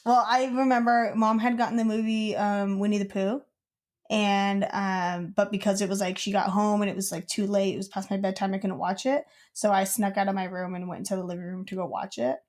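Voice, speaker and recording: A woman's voice: mid-range voice, flat delivery, fairly quick, darkish tone. A young woman co-hosting a podcast, telling a childhood story in casual chat, rambling with lots of "like.". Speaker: podcast co-host.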